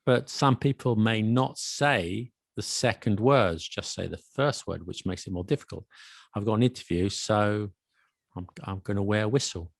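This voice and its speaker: A man's voice: fairly low pitch, normal speed, vocal fry, no room sound, clean studio sound. A man co-hosting a podcast, explaining things with patient examples in casual chat. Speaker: podcast co-host. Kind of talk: casual chat about accents.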